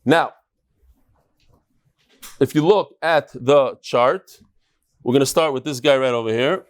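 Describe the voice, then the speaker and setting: A man teaching a daily Talmud class to a live group in a study hall. He talks in an animated, joking way and walks through a chart. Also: mid-range voice, takes it slowly. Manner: animated, joking, explains with a chart and laser pointer.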